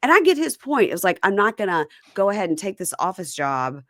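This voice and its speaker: A woman hosting a casual recap chat, retelling scenes and quoting people in lively voices. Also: mid-range voice, fairly quick, dry recording, clean studio sound. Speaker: podcast host.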